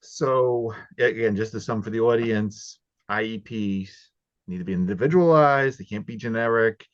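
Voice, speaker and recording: A man hosts a casual interview, summing up and asking questions with loose restarts. His voice sits low. The sound is dull and dry. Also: moderate pace, dry recording. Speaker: podcast host.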